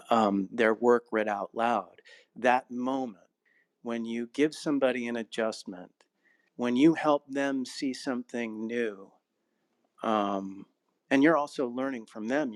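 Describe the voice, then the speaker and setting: Reflective male acting coach, mid-pitched. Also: no echo. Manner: reflective, storytelling, slows down on key phrases; laughs while telling stories. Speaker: actor, narrator and acting coach. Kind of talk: casual interview conversation.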